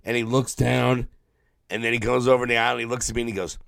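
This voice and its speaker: A man's voice: mid-range voice, fast, creaky, dry recording, clean studio sound. Tired New man telling stories. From New York. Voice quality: throaty, tired voice. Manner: profane, animated storyteller who mimics people. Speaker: podcast co-host. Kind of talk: casual storytelling chat.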